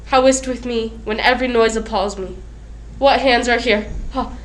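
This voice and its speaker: A tormented lord haunted by guilt, played by a woman in a school production. The delivery is an earnest stage declamation in a somewhat high voice. It rings with the echo of a hall, over faint noise. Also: steady tone, moderate pace, lightly acted. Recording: echoey stage.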